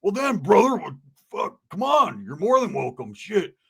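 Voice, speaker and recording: A man putting on a blustering, gravelly white burnout. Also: sits high, big pitch swings, normal speed, fairly bright tone, exaggerated voice. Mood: scolding. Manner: blustering, profane, calls everyone brother. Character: angry broke white man, crude, hot-tempered.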